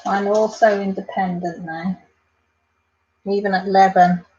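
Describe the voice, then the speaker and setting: Speaking at a measured pace with fairly even intonation and a medium pitch, a Welsh woman chats casually to viewers on a home live stream. She's a warm-hearted, talkative vlogger who addresses people by name and rambles on, and the audio has its highs cut off.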